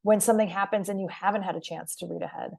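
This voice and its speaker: A woman's voice: mid-range voice, fairly even intonation, fast talker, vocal fry, a little mellow. A woman hosting an interview podcast, speaking as a media coach in an encouraging, reflective way. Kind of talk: conversational interview.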